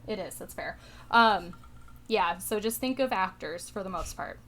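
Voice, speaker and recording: A woman's voice: medium pitch, lively intonation, unhurried, a bit bright. A young woman co-hosting a podcast in casual chat, adding dry remarks that wrap things up. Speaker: podcast co-host.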